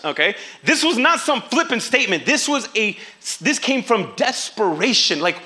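A man preaching a sermon in a lively, casual way, acting out quoted voices and using slang. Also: sits high, normal speed, hardly any pauses.

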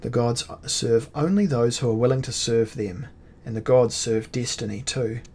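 A man voicing a grave and commanding chaos god, speaking slowly with a measured, declamatory weight. The voice sits at a middling pitch for a man, and he delivers the lines as a storybook reading. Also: a little mellow, husky. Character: male chaos god lord, ancient, cryptic, scheming.

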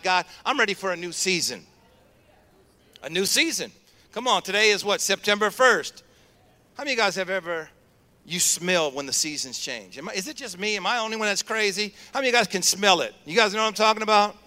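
A male pastor giving an energetic sermon and trading call-and-response with the congregation in a church sanctuary. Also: high-pitched, fast talker. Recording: long hall reverb.

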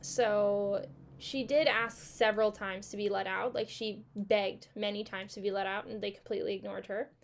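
A woman's voice: mid-range voice, moderate pace, vocal fry. A young woman co-hosting a casual chat, telling a story with lots of swearing and acted-out quotes. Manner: animated, swearing, acts out quotes. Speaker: podcast co-host.

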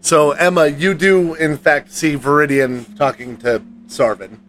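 Brief: male game master, bright and fairly high, chatty and amused. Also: steady tone, measured pace. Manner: chatty, laughs often, makes rulings between characters. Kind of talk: running a tabletop game.

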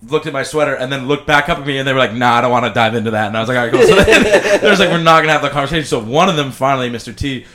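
Podcast host, man in his 20s from Canada, quick, animated storyteller who swears freely. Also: medium pitch.

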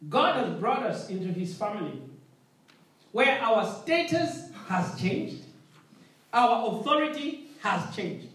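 High-voiced preacher in an echoey room. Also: male voice, animated, takes it slowly, a bit bright, distant mic. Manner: emphatic, repeats phrases, calls for response. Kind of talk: sermon.

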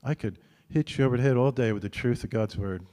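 A man preaching a sermon at an even middle pitch, talking to his listeners as if in conversation and often tossing in "right?". His voice carries a long hall reverb. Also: quick pace. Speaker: pastor.

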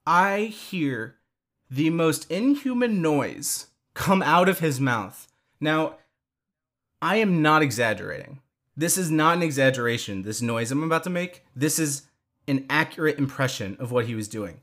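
A man co-hosting a podcast, telling a story in casual chat, animated and quick to swear, with many restarts. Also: on the high side. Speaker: podcast co-host.

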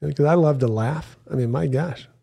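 A man's voice: fairly high pitch, a little fast, vocal fry, warm tone, slightly rough. A man as a podcast guest, upbeat and jokey, speaking in a studio. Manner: upbeat, jokey, quotes other people. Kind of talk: casual podcast chat. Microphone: studio headphones and mic.

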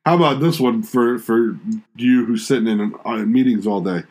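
Easygoing man with a mid voice. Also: moderate pace. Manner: relaxed storyteller who mimics coworkers in high voices. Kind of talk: casual chat.

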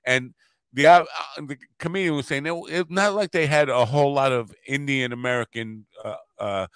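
A man's voice: medium pitch, clean tone, no room sound. A male podcast host in casual chat, curious and joking, with many fillers. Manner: curious, filler-heavy, quick to joke.

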